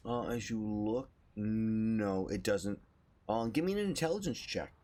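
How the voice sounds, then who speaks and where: A man narrating as game master of a tabletop game, relaxed and hesitant, with many pauses and fillers. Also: lowish voice.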